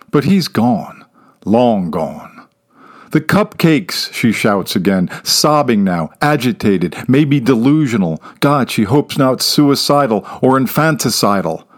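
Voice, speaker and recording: A man narrating a short story in a measured, even-tempered voice at a middling pitch. He lets his voice sink to a hushed whisper for the darker asides. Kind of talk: scripted narration.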